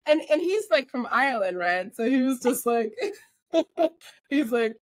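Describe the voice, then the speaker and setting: A woman guest with an American accent, born in New Jersey and raised in England, telling stories in a casual interview and doing lively impressions of people. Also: sits high, measured pace, no echo. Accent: American, with a British accent that comes out at times. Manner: animated anecdotes with impressions and laughs. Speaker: guest, voiceover artist and filmmaker.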